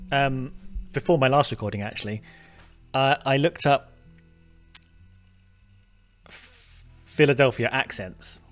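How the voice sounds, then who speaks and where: A man casually commenting on a detective game as he plays, thinking aloud with lots of fillers and restarts, chatty and self-mocking. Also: mid-range voice. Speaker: gaming video host. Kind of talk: casual let's-play commentary.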